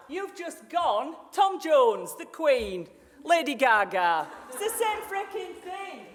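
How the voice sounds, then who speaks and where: A woman's voice: sits high, very animated, slow. A middle-aged Yorkshire woman delivers a motivational sales keynote, brash and blunt with plenty of jokes and the odd mild curse. Her voice rings out in a long hall reverb, as if from the stage of a big conference room. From Yorkshire, England.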